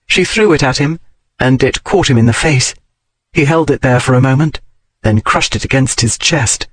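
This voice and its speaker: A man narrating an audiobook with an even, measured reading. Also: mid-range voice, breathy edge, no room sound. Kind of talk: scripted narration.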